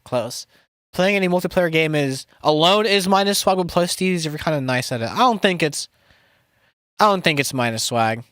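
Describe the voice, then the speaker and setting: His voice sits on the high side, smooth and fairly bright, with lively intonation at normal speed on a dry studio-quality recording. A young producer streaming to his chat as he works, he rambles, swears, pokes fun at himself, and keeps restarting what he says.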